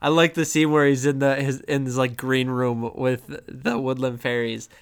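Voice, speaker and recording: A man with a smooth, resonant voice chats about a comedy film on a podcast. He laughs easily and slips into quoted lines with obvious delight. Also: medium pitch, flat delivery, moderate pace. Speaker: podcast co-host. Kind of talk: casual movie chat.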